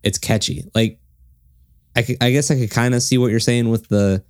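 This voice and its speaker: A man's voice: medium pitch, steady tone, moderate pace, smooth, dry recording, studio quality. A man co-hosting a podcast, talking casually about songs he likes, hesitant and repeating words. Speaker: podcast co-host. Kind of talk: casual music review chat.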